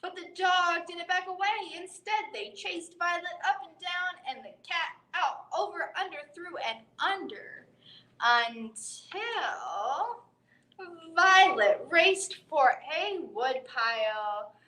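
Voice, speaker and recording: High, bright woman reading a bedtime story. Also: slow, roomy sound, low-quality recording. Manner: expressive, voicing animal sounds. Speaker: children's librarian reading aloud. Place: library room.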